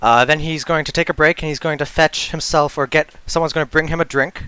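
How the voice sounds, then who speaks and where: Bright, crisp-voiced man running the game. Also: on the high side, steady tone, a little fast, no echo. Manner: explaining patiently, with fillers. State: sore throat. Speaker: dungeon master. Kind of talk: narrating a tabletop game over voice chat.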